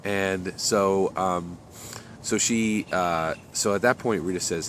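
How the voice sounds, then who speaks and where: A man's voice: sits low, slow, fairly bright tone, a little hiss or hum. A man telling a story off the cuff, rambling with many fillers and restarts. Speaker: author telling his story. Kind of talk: unscripted story narration.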